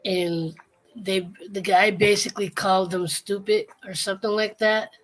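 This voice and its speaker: A woman's voice: mid-range voice, steady tone, normal speed, slight background noise. A woman hosting a casual late-night livestream, chatting in a rambling way with many restarts. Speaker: livestream host.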